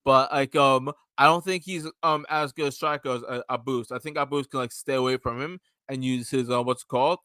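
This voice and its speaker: A man's voice: medium pitch, fairly even intonation, a little fast, hardly any pauses, pushed and bright, clear, resonant tone, no echo. A young man co-hosting a casual sports podcast, rambling through his picks with lots of fillers. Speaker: podcast co-host.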